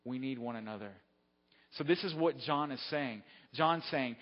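A man delivers a sermon in an easy, conversational manner, pausing to check in with his listeners as he tells a story. His voice sits in a middle pitch and rings with a long hall reverb. The recording sounds dull and lo-fi. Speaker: preacher.

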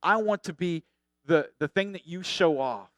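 A middle-aged man preaching a sermon as a pastor, conversational and animated, acting out the people he quotes. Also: sits high, normal speed, no room sound.

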